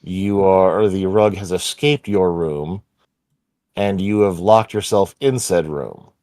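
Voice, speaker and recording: A male player in a tabletop game, speaking in a measured, polite way. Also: deep voice, dark tone, no room sound, studio quality.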